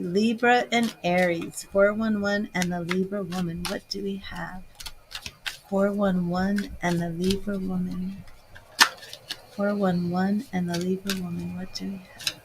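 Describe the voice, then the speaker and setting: Woman, psychic tarot reader, slow drawn-out speech, chatty and warm toward viewers. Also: medium pitch, level tone, noisy background. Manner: slow, chatty, emotional, talks to viewers by name. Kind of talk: live-stream tarot reading, chatting with viewers.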